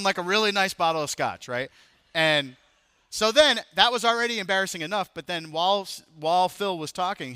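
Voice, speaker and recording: A man's voice: on the high side, sharp tone, no echo, clean studio sound. A man in his thirties preaching a sermon as pastor, talking to the congregation in a loose, joking way. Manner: conversational, jokes with the congregation.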